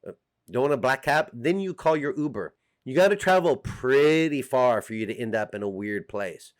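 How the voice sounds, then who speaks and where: A man's voice: medium pitch, animated, moderate pace. Middle-aged American male vlogger, mid-range voice, chatty and teasing to camera. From United States. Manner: chatty, joking, direct address to viewers. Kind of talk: casual talk to camera.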